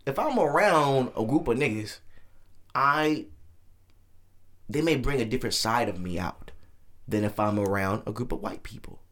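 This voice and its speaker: Dude hosting a podcast, swears a lot, voice all over the place, mid pitch. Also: male voice, normal speed, long pauses. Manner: animated, profane, talks over fight commentary. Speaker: podcast host. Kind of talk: casual chat.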